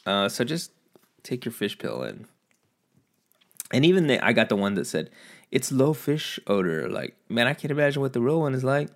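A man casually vlogging from home, a profane, animated storyteller who rants about his day. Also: medium pitch, fairly quick, creaky, pauses often. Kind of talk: casual rambling monologue.

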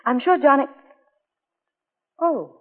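An actress in a 1940s radio play voicing an earnest, emotional young wife who speaks from the heart. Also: female voice, high voice, slow pace. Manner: earnest, heartfelt, scolding tenderly. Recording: tinny old radio broadcast with reverb.

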